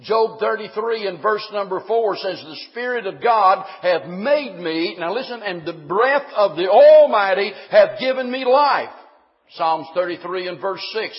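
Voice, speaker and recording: A man's voice: high voice, animated, measured pace, long reverb tail, muffled recording. A man preaching a sermon, emphatic, putting questions to the congregation and answering them himself.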